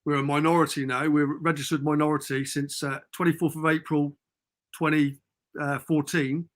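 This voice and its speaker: A man's voice: on the high side, little pitch movement, moderate pace. A Cornish man, a podcast guest, telling rambling anecdotes and acting out the quotes. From Cornwall. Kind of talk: casual storytelling.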